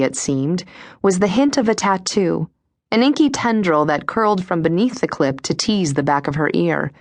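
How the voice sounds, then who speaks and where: A woman narrates a suspense novel in a measured, steady voice. Her pitch sits low for a woman. The recording is close and dry, in the manner of a studio audiobook. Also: dry recording.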